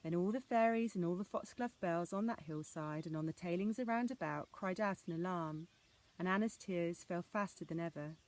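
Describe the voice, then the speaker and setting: A woman reading an old fairy tale aloud as a storyteller, in a measured storybook manner. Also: on the low side, darkish tone.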